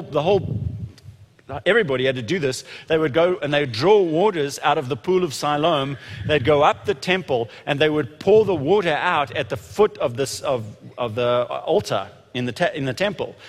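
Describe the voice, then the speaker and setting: Animated preacher man in a reverberant hall. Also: on the high side. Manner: animated, rising to shouts when quoting, frequent restarts. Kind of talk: sermon.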